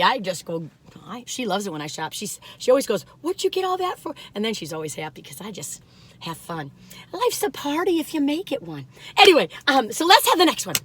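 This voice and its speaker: A woman in her sixties chats casually in a taste-test vlog, giggling and exclaiming over the food as a food reviewer. Her voice is medium-pitched with a sharp tone.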